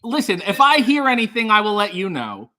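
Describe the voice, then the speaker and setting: A man hosting a live stream, reading out viewer comments with dry, deadpan asides that trail off quietly. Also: high-pitched, fairly quick. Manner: turns loud and upbeat when greeting a guest. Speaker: livestream host.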